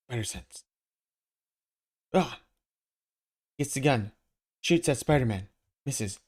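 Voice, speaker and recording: A man narrating a comic aloud in a relaxed, casual way. He walks through the action panel by panel in his own everyday voice. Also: on the low side, measured pace, pauses often. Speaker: comic reader. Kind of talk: casual comic read-along.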